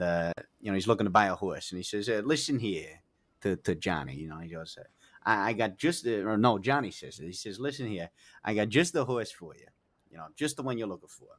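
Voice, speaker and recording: A man telling long, rambling jokes in character during a roleplay, full of fillers and restarts, swearing casually. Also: sits low.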